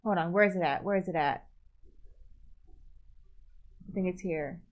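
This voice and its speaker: A woman streamer giving casual, animated reaction commentary and answering viewer comments as she goes. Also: lowish voice, moderate pace, rough recording. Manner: chatty, reads viewer comments aloud, animated.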